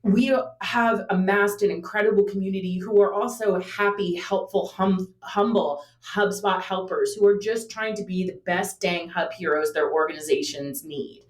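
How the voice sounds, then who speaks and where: A woman co-hosting a podcast, chatting with upbeat enthusiasm at a medium pitch. Her voice rings out in an echoey room. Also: moderate pace, few pauses. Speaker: podcast co-host. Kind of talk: casual podcast chat.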